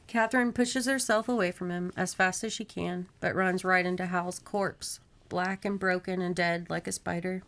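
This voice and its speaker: Reading a horror novel on her podcast, a woman narrates in a plain, steady manner, pausing now and then for friendly remarks to her co-host. Her voice sits on the low side, moving at normal speed with few pauses.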